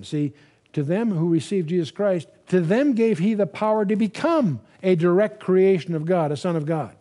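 A man's voice: a little high, mellow. A man giving a Bible teaching lecture in a conversational way, asking his listeners rhetorical questions and reading scripture in King James wording.

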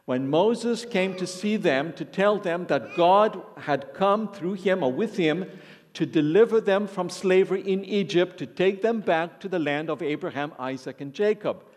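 A man preaching in a large hall, his slightly high voice trailing off into a long reverb. He reads scripture aloud, then explains it phrase by phrase in an expository sermon. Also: a little slow, darkish tone. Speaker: Bible teacher preaching.

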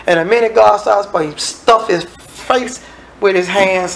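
Man, minister, sermon, high gravelly voice, animated. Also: measured pace, slight background noise, poor audio. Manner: animated, conversational preaching with dramatic asides.

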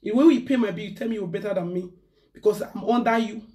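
Woman, Nigerian accent, live-stream host, ranting, chatty, mid pitch, voice sits back from the mic. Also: fast, dark tone, distant mic. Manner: talkative, ranting, mixing pidgin into English. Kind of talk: casual live-stream rant.

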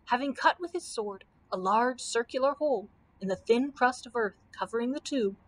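Librarian reading a children's book aloud. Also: female voice, fairly high pitch. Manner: steady reading with small slips. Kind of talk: storybook read-aloud.

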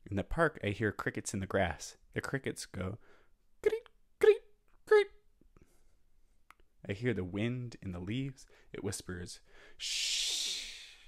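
A man with a fairly low voice reads a children's picture book aloud as a music teacher would. He voices the sounds in the story with his mouth between plain lines. The recording is dry and close. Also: no echo. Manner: plain storybook reading that acts out sound effects. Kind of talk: children's read-aloud and activity.

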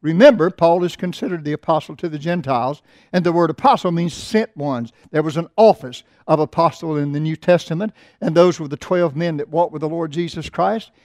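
Middle-aged pastor preaching, slightly high voice, dry close sound, gets loud n slow on scripture. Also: male voice, no echo. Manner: emphatic preaching, swings loud and slow on scripture, drops low for asides. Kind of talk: sermon. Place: church sanctuary.

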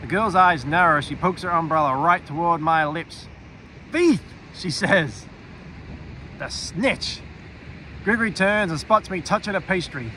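A man reading a first-person fantasy audiobook in an expressive storytelling way, dropping to a quiet aside for the narrator's inner thoughts. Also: a little high, fairly quick, few pauses, a little hiss or hum, low-quality recording.

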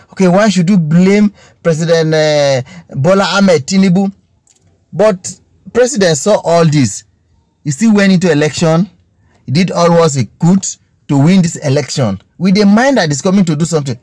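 A man's voice: sits high, a little mellow, no echo. Impassioned Nigerian man, dry sound. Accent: Nigerian English. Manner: earnest and preachy, drawn-out emphasis on key phrases, repeats points. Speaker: social commentator addressing his viewers. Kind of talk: impassioned monologue on current affairs.

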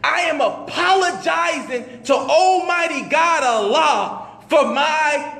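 A man giving a testimony sermon at a mosque, telling his story with animated, slangy storytelling. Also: extremely high pitch, slow, creaky. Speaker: minister. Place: mosque hall. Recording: echoey hall with long reverb.

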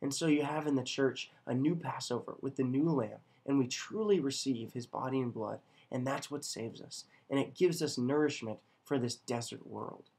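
A man's voice: medium pitch, moderate pace, creaky, few pauses, a little mellow, husky. A man teaching a scripture lesson in an emphatic way, often checking in with "right?". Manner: emphatic, keeps asking "right?". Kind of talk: catechism lecture.

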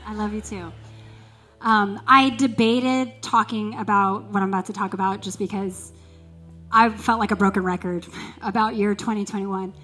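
A woman speaking in a mid-range voice, tearful and emotional as she opens up about a personal struggle. Soft music plays faintly behind her throughout. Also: mid-range voice, steady tone, normal speed. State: crying. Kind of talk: sermon testimony.

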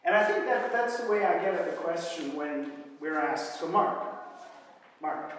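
A man preaching a sermon as pastor, talking in a conversational, animated way with asides and fillers. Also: on the high side, measured pace, slight background noise. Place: church hall. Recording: echoey hall from far off.

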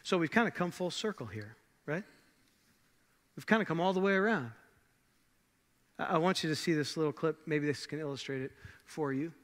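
A man's voice: fairly high pitch, lively intonation, moderate pace, long pauses, a bit bright. A man preaching a sermon as a pastor, in a conversational way with rhetorical questions, with long church reverb. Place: church sanctuary.

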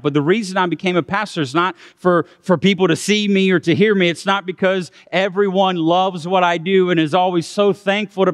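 A man with a high voice gives a sermon as a guest pastor. He speaks in an earnest, heartfelt and conversational way. His voice rings out with a long reverb, like a large church. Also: clean studio sound. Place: church stage.

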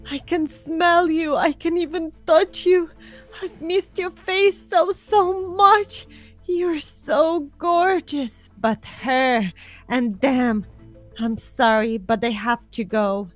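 A woman's voice: sits high, slow pace, soft background music. A woman doing an obsessive, possessive young stalker. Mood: creepy menacing. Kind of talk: Minecraft role-play voice acting.

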